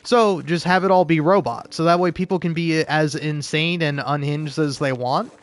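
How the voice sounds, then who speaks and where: A man's voice: on the high side, steady tone, moderate pace. A man giving casual gameplay commentary, rambling and swearing a lot, laughing often as he builds into mock outrage. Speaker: gaming video creator.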